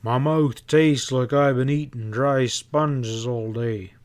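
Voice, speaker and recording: A big, short-fused one-eyed cowboy, voiced by a male narrator speaks gruffly and without patience. His words come slow and heavy. He sounds like he is always a breath away from a fight. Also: mid-range voice, steady tone, natural voice. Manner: gruff and quick to anger.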